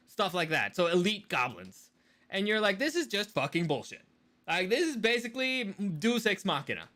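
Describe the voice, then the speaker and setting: Guy cohosting a podcast, high bright voice, rants hard and swears a ton. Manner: animated ranting, swears a lot. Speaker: podcast co-host. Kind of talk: casual chat.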